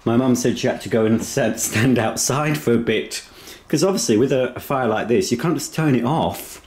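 A man at medium pitch and moderate pace, his tone darkish, casually shows viewers around a house in a home tour vlog, eating and rambling as he goes.

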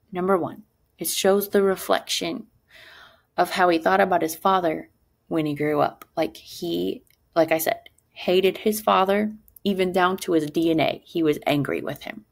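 A woman teacher leads a lesson in a low, somewhat gravelly voice. She talks in an animated way and checks in with her class again and again. When she quotes someone she jumps up in pitch. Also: unhurried. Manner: animated, asks rhetorical "right?" often; acts out quoted lines with sudden pitch jumps.

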